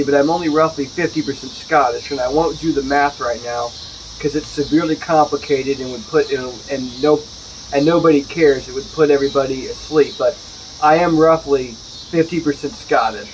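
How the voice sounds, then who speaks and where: A man's voice: fairly high pitch, slight background noise, low-quality recording. A man giving a casual, jokey whiskey review outdoors at home, full of chatty asides. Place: outdoors at home, with neighbors nearby.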